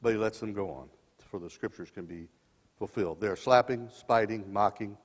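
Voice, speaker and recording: A man in his sixties preaching a sermon as dramatic storytelling, swinging between loud and soft passages, in a church sanctuary. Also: lowish voice, moderate pace. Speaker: lay preacher. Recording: long church reverb.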